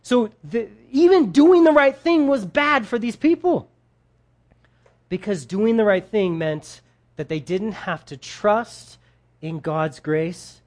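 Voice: mid-range voice, expressive, takes it slowly. Casual conversational Bible teacher. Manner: conversational, slangy, paraphrasing scripture in everyday speech. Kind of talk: casual sermon.

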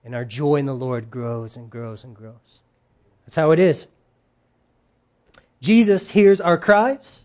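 A preacher delivers a sermon to a congregation. The talk is lively and informal, with jokes and quotes acted out in other voices. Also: medium pitch, slow pace, pauses often. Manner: lively, jokey asides, acts out quotes in put-on voices.

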